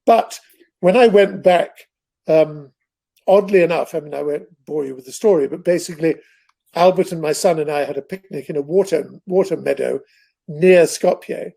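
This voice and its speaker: In an interview, an older guest author rambles through anecdote after anecdote, drifting off on tangents. He speaks at a normal speed in a slightly high voice with vocal fry and a dark tone.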